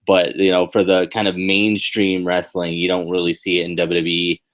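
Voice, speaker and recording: A man co-hosting a casual wrestling podcast, hesitant and full of fillers, turning loud and incredulous when excited. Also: sits low, moderate pace. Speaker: podcast co-host. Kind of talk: casual wrestling review chat.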